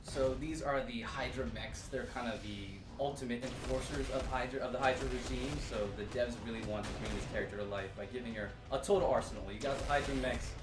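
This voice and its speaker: A man's voice: medium pitch, fairly even intonation, quick pace, few pauses, background noise. A man who is a game producer, guesting on a livestream and telling a character's backstory with dry jokes. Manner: jokey, gives character backstory. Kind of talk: livestream chat. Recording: echoey, distant, with music.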